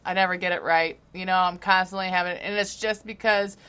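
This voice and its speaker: Podcast co-host, woman, slight Southern drawl, bright tone, loose and profane banter. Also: fairly low pitch, steady tone, fast talker, smooth. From Ohio. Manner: chatty, laughs often, swears casually. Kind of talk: casual chat.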